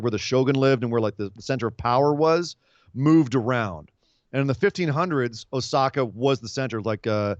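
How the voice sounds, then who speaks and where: A man co-hosting a casual wrestling podcast, mid-pitched and chatty, who wanders into long animated explanations with plenty of asides. His voice is dry and close to the mic. The sound is a little dull and lo-fi. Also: no echo. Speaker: podcast co-host.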